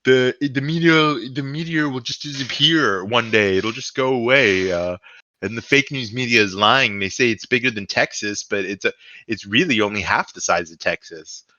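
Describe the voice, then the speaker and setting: A man's voice: mid-range voice, normal speed, pushed and bright, no room sound, muffled recording, lightly acted. A man putting on a boastful, dismissive male president impression, exaggerated and blustering.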